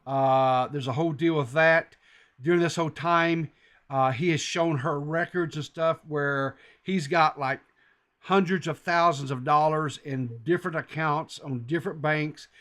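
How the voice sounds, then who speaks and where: A man's voice: a little high, unhurried, fairly bright tone. A man hosting a casual podcast, recapping a story in a loose, meandering way. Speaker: podcast host.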